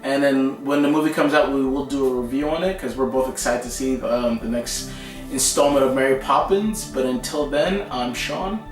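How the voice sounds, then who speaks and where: A man's voice: medium pitch, normal speed, soft background music. A man co-hosting a casual pop-culture chat, talking emphatically and often restarting his words. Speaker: co-host. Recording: roomy echo, mic at a distance.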